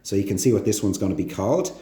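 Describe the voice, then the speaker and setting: A lowish, mellow man's voice, talking students through a chemistry lesson in a relaxed, chatty way. He keeps checking in with questions that jump up in pitch. The sound is echoey, as in a bare room. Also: fast talker. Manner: chatty, asks the viewer frequent check questions; rises sharply in pitch on questions. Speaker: chemistry teacher. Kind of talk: casual recorded chemistry lesson.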